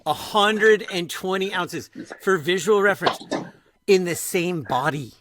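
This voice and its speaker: A middle-aged man hosting a podcast, chatting casually and retelling conversations in an animated way, full of "like". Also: sits high, measured pace, background noise. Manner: animated storyteller, retells dialogue, frequent "like". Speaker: podcast host.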